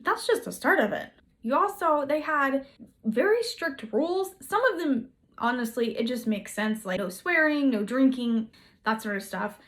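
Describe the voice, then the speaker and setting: A woman's voice: high voice, lively intonation, moderate pace, a bit bright. A woman telling history in a casual, chatty way, full of sarcastic, playful asides. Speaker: history video host.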